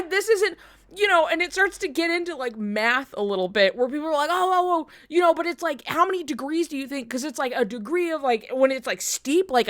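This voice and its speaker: A woman streamer telling a story in casual chat, swearing and laughing as she goes. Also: sits high. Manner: animated storytelling, swears a lot, bursts into laughter.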